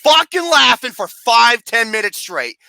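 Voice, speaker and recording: Lively, bright-voiced ranting movie reviewer. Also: mid-range voice, measured pace, gravelly, no echo. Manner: animated, swears constantly, breaks into laughter; sarcastic and mocking. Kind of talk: profane comedic movie review rant.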